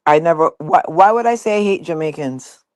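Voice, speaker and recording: Woman, mid-pitched, indignant and defensive, dry close recording. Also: animated, brisk, a little mellow, dry recording. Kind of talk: casual livestream chat.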